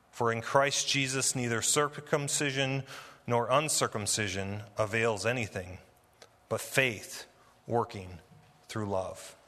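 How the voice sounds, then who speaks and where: A man preaching a sermon as pastor, slow and deliberate, with emphatic rises on key words. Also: mid-range voice, pushed and bright. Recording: long hall reverb.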